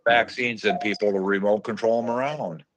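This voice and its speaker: A man chats in a slow, halting ramble, often stopping on fillers. His voice sits low. A faint noise runs under the recording. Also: fairly even intonation. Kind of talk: casual conspiracy chat.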